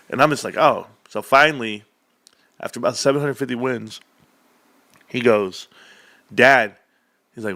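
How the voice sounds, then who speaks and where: Animated man telling stories on a livestream. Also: mid-range voice, no echo. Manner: animated storyteller, acts out quoted voices. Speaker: livestream host. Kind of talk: casual livestream chat.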